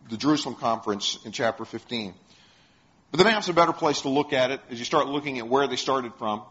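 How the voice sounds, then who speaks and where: A man's voice: mid-range voice, fairly bright tone. A man preaching a sermon, retelling stories and putting questions to the congregation. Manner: storytelling, asks the congregation questions. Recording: dull lo-fi sound.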